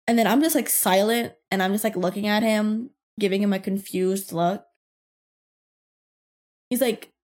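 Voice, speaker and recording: A young woman hosting a podcast, telling a workplace story in a casual, profane and animated way. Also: medium pitch, normal speed. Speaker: podcast host.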